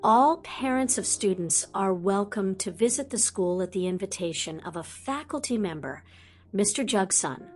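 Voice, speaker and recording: A woman's voice: medium pitch, lively intonation, soft background music, lightly acted. Woman voicing a courteous old headmaster. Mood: stern. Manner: courteous, measured and formal. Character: wise old male headmaster, calm and stern.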